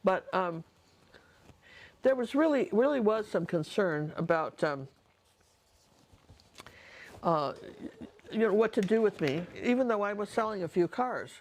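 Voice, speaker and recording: A woman's voice: mid-range voice, lively intonation, a little slow, pauses often, slight background noise. A middle-aged woman painting and telling stories from her life in a chatty, digressive way, talking straight to the viewer. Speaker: painter and storyteller. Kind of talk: casual storytelling while painting.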